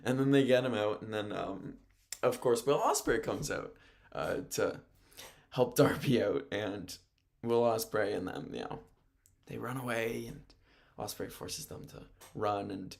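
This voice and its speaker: Unhurried and a little mellow, this radio host's lowish, creaky voice carries a loose sports recap. The play-by-play announcer rambles along, often chuckling and fixing his own slips.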